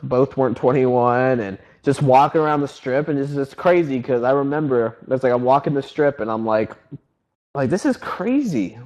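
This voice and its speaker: A young man in his twenties, a website founder and podcast host, telling stories in a casual, excited, rambling way full of filler words. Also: mid-range voice, rough recording. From North Carolina, US. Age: 20s. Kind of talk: casual storytelling chat.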